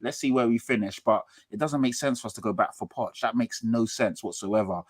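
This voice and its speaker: A man's voice: mid-range voice, fairly quick, breathy edge, no echo. A man co-hosting a casual football talk show, firm and emphatic, and he repeats words for stress. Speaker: football podcast co-host, Spurs fan.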